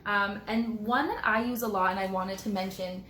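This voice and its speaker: A woman's voice: mid-range voice, steady tone, moderate pace, a bit bright, roomy sound, slight background noise. A young woman hosting a casual pep talk, speaking frankly with lots of "like" and "um". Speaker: host of a weekly pep talk. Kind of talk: casual motivational vlog talk. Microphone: camera framing her.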